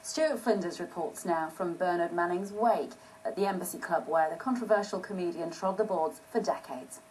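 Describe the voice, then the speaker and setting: A woman introducing a news report in a smooth, formal voice. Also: on the low side, moderate pace. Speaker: news anchor. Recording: distant mic with faint noise.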